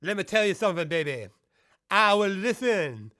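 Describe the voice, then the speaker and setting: A man's voice: sits high, sing-song, moderate pace, sharp tone, heavily acted. Crooning lounge lizard, a man doing it. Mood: smooth. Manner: drawling, calls listener baby.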